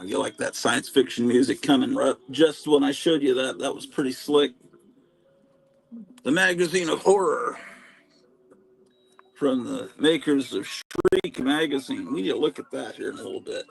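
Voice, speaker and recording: Gravelly-voiced man chatting on a livestream. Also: mid-range voice, moderate pace, low-quality recording. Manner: rambling, chatty, self-deprecating. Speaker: live stream host. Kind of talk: casual live-stream chat. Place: home room stacked with comics.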